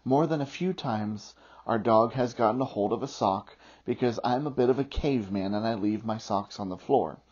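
A man's voice: fairly low pitch, moderate pace, few pauses, a little mellow, slightly rough. A middle-aged man preaching a sermon as a pastor, telling a self-deprecating story before turning earnest. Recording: muffled lo-fi recording.

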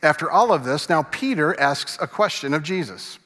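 A man's voice: on the high side, expressive, moderate pace, a bit bright. A man preaching a sermon as a pastor, conversational and asking the congregation questions. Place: church sanctuary. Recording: long reverb in a large hall.

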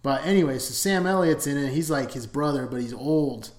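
Male movie reviewer, mid-pitched, loose and profane, roomy echo. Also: fairly quick. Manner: rambling, profane, enthusiastic. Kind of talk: casual movie review rant.

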